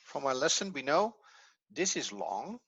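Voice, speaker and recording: A middle-aged man teaching a grammar lesson, explaining slowly and step by step, a non-native English speaker whose first language is Dutch. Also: mid-range voice, sing-song, a bit bright, breathy edge, no room sound, highs cut off. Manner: slow, methodical explaining step by step. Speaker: Hebrew teacher.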